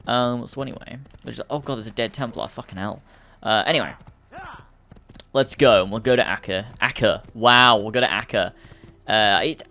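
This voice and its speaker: A man's voice: mid-range voice, normal speed, bright, forceful tone. A young man hosting a let's play, rambling through casual gameplay commentary and swearing often.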